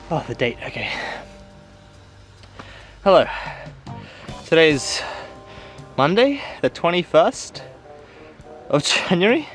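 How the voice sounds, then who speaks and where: A young man out of breath on a steep outdoor trail, chatting and joking to an absent friend through a handheld camera. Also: a little high. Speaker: vlogger. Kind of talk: casual hiking vlog talk to camera.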